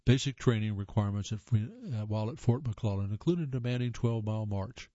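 A man's voice: fairly low pitch, expressive, a little fast, mellow, dry recording. A man reads short magazine pieces aloud in an easy, conversational way. He drops in his own offhand remarks and corrects himself as he goes. The recording is dry and a bit muffled. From American South. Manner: reads aloud with casual asides and self-corrections. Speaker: reader. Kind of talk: reading magazine items aloud.

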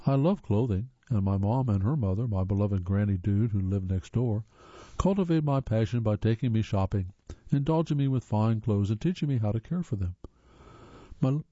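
Man reading an audiobook, measured pace, low deep voice, kinda dull lo-fi sound. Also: warm tone, dry recording. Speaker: audiobook narrator. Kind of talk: scripted narration.

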